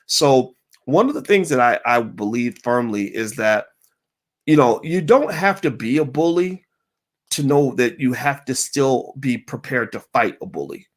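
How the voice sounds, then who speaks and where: A man hosting a casual livestream, answering viewer questions in an emphatic, animated way with mocking asides. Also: medium pitch, a little slow.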